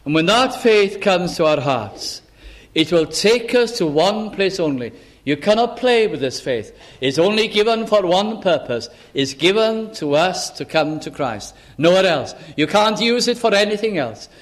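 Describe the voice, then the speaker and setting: A man's voice: high-pitched, lively intonation, unhurried. A man preaching a chapel sermon, earnest and emphatic, acting out the voices of the people he quotes. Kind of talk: evangelical sermon. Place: chapel service.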